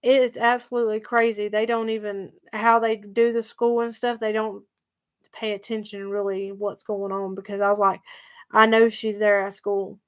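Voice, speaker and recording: A woman's voice: mid-range voice, little pitch movement, moderate pace, smooth. A woman telling a story to her viewers in a chatty, emphatic way that circles back over the same points. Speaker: vlogger. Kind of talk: casual storytelling vlog.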